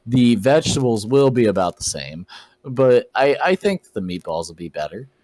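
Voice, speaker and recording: A hesitant man who restarts and repeats his words as he makes his point in podcast banter. His pitch is middling for a man. The sound is dry and close, with no room echo. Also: sing-song, moderate pace, darkish tone. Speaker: podcast co-host. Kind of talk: casual debate chat.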